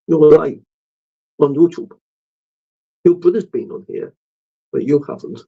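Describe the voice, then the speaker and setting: A man hosting a casual livestream, rambling with lots of ums and soft laughs. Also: a little high, lively intonation, measured pace, long pauses, breathy edge, dull audio. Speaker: livestream host. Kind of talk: casual livestream chat reading viewer comments.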